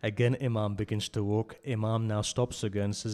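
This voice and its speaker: At a mourning gathering, a man recites fervently in the hall of a religious centre, his voice rising to loud cries and falling low. He often questions the listeners directly, with little pitch movement and at normal speed.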